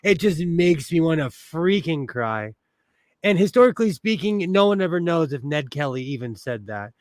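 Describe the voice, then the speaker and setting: A man's voice: fairly high pitch, very animated, normal speed, no echo. A man, hosting a casual livestream while he sews, rambling and sentimental with lots of fillers. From United States. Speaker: host.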